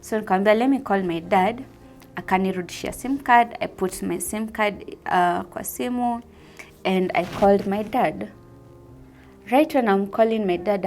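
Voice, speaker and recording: Slow, soft-spoken Kenyan woman. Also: mid-range voice. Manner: soft-spoken, mixing English with Swahili. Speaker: vlogger sharing a personal testimony. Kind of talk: personal testimony.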